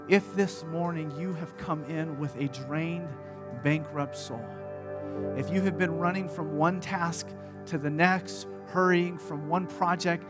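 A man in his thirties preaching a sermon as pastor, earnest, moving from hushed lines to animated storytelling. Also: a little high, unhurried, music in the background.

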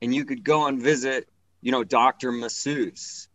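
A man performing a stand-up comedy set, telling a story in an animated way and acting out the voices of the people in it. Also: mid-range voice, moderate pace, no room sound, low-quality recording.

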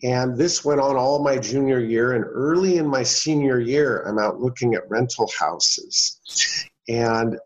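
A man's voice: medium pitch, a little slow. A middle-aged man with a mid-range voice tells a long personal story at an easy, folksy pace, briefly putting on the voices of others as he recounts the exchange. The recording sounds somewhat dull and lo-fi. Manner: folksy anecdotal storytelling, voicing other people. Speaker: guest. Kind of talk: storytelling interview.

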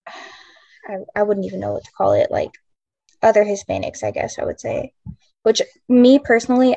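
A woman's voice: medium pitch, vocal fry, a little mellow, no room sound. A young woman taking part as a guest in a casual podcast discussion over a video call, speaking hesitantly with many fillers. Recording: dull lo-fi call audio.

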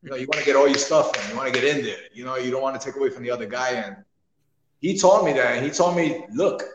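A man's voice: medium pitch, very fast, background noise. A man, a wrestler, chatting casually on a podcast and telling stories animatedly, laughing often. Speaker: wrestler guest. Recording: echoey room with long reverb.

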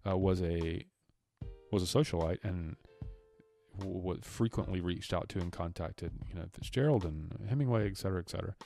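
With faint music behind him, a man co-hosting a podcast retells a movie's scenes and voices its characters, rambling and restarting often. He speaks at a normal speed in a low, gravelly, dark-toned voice.

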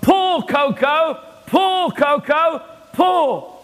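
A preacher voicing an old farmer who yells commands at his horse during a joke, heard with long church-hall reverb. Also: high voice, expressive, takes it slowly, heavily acted. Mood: hollering. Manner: hollering commands.

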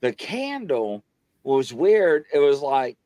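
This is a paranormal show guest telling stories at a slow pace, recorded dry. He keeps it conversational but animated, and his pitch leaps big when he acts out quotes.

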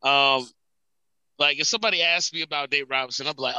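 A man with a very bright, forward voice, recorded close and dry with no room sound. He rambles through a casual chat, stumbling and restarting, laughing often. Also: a little high, quick pace, smooth, dry recording, low-quality recording. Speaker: podcast co-host.

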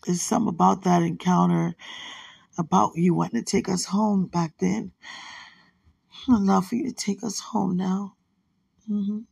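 Husky, hushed woman in bed. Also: fairly low pitch, steady tone, moderate pace, pauses often, dry recording. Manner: soft, hushed, rambling and affectionate, often religious. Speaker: partner leaving a voice message. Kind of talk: intimate late-night voice message. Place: lying in bed at night. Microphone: phone held close to the mouth.

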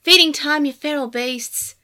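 A woman voicing a petite, bustling young woman in a storybook reading, brisk and beaming. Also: high voice, a bit bright, pitched above the performer's own voice. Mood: cheerful.

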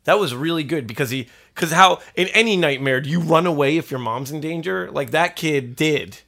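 A man co-hosting a casual movie podcast with a bright, forward voice. He rambles and restarts, gets fired up and swears freely. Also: on the high side, moderate pace. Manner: excited, profane, rambling. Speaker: podcast co-host. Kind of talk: casual movie-review chat.

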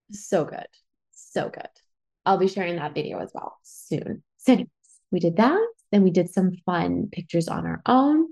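A woman hosting a podcast, telling a personal story in a chatty, animated way and swearing freely. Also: lowish voice, vocal fry. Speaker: podcast host. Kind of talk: casual storytelling monologue.

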